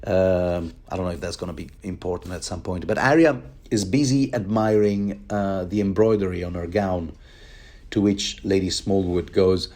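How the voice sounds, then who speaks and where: A man's voice: sits low, fairly even intonation, normal speed, darkish tone. A man giving a rambling, casual book commentary, wry and chatty with many asides.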